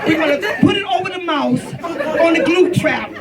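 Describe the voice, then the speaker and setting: A middle-aged mother giving a farewell toast, telling an animated story and laughing often. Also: very high voice, moderate pace, distant mic, very noisy. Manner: animated, laughing through the story, acting out the shouting. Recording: loud party crowd around.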